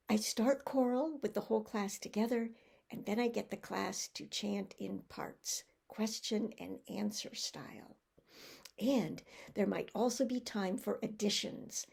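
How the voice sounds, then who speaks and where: A woman with an American accent giving a conference teaching presentation, modelling drill sentences slowly for students to repeat. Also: medium pitch, gravelly, a little mellow, husky. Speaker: English teacher trainer.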